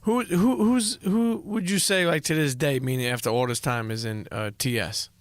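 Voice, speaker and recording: A man's voice: fairly high pitch, moderate pace, dry recording. A man interviewing a guest casually, asking loose, rambling questions and dropping in short affirmations.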